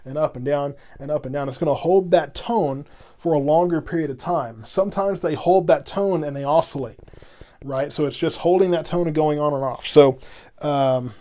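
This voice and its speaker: A slightly high, mellow voice at a moderate pace belongs to a weather stream host covering severe weather live. He goes on at length for viewers, rambling, restarting and repeating himself as he patiently explains to chat.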